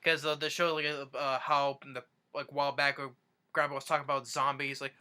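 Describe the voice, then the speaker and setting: A young man casually recounting favorite videos in a rambling, halting way, restarting sentences as he goes. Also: medium pitch, little pitch movement, bright, forceful tone, clear, resonant tone. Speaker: fan vlogger. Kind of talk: casual countdown retelling.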